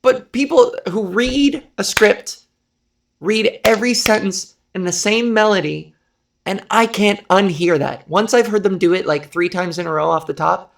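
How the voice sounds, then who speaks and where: A young adult woman hosting a comedy podcast, ranting in an exasperated, improvised monologue with a breathy put-on delivery. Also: medium pitch.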